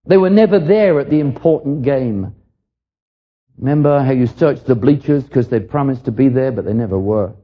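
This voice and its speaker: Older man preaching earnestly, husky voice. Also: mid-range voice, moderate pace, lo-fi sound. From England. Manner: earnest, reflective, repeats words as he starts lines. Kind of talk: sermon.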